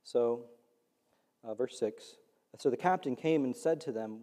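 A man preaching a sermon in an animated way, rising to near-shouts for emphasis. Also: medium pitch, unhurried. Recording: long hall reverb.

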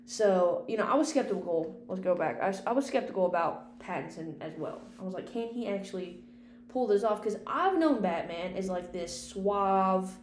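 A woman's voice: on the low side, moderate pace, few pauses. Chatty swearing woman podcaster, echoey room. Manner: chatty, swears casually, lively rambling. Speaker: podcast host and film critic. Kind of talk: casual unscripted podcast chat. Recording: echoey room with faint hum.

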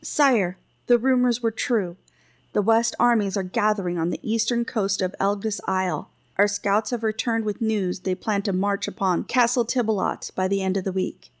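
A woman's voice: mid-range voice, fairly even intonation, lightly acted. Woman voicing a breathless royal magistrate. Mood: urgent. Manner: urgent, hurried report.

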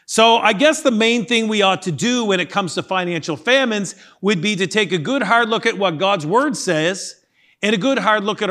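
A pastor delivering a sermon with a voice pitched high for a man. He preaches emphatically, throws rhetorical questions at the congregation and reads scripture aloud. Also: sharp tone.

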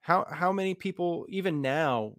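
A man's voice: fairly high pitch, lively intonation, moderate pace, fairly bright tone, no room sound, studio quality. An American man in a casual podcast chat, ranting about history and politics with sarcasm and frequent swearing. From United States.

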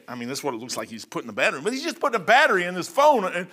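A man preaching a sermon from the pulpit, telling stories in a folksy way, often saying "man", and swinging from loud outbursts to hushed asides. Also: high voice, very animated, fast, few pauses. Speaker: pastor. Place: church.

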